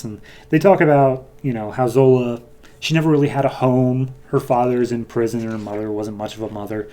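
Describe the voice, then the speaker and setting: A man hosting a podcast, casually retelling a comic's plot with many fillers and quick quoted lines. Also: medium pitch, fairly even intonation, mellow. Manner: loose, filler-heavy retelling, voicing characters lightly. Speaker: podcast host.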